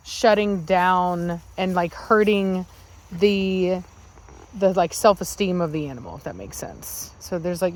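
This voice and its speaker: A woman dog breeder chatting casually about her puppies and their training, breaking into cooing baby talk at the dogs. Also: mid-range voice. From Virginia, United States. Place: home with dogs around.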